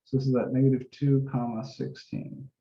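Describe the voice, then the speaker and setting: A man teaches math in a relaxed office-hour session, talking through each step as he works. His voice is gravelly and mellow, with a darker tone. The recording sounds roomy and slightly dull. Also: mid-range voice, moderate pace. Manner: casual and relaxed, talks through each step, occasional mild swearing. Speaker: math instructor. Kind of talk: office-hour lesson, thinking aloud while drawing.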